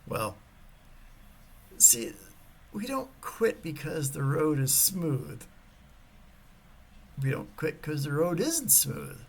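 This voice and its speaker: A man giving a motivational talk and telling a personal story. He is animated and swings between loud emphasis and hushed whispers. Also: on the high side, takes it slowly, creaky, pauses often, slight background noise, rough recording. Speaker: motivational speaker.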